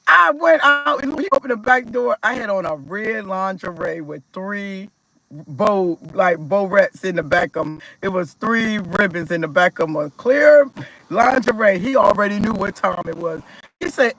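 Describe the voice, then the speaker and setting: A woman's voice: mid-range voice, normal speed, a little hiss or hum, rough recording. A woman telling a personal story, acting out other people's voices and laughing as she goes. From South Carolina, US. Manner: animated, acts out quoted voices, laughs while telling. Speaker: testimony speaker. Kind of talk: storytelling testimony.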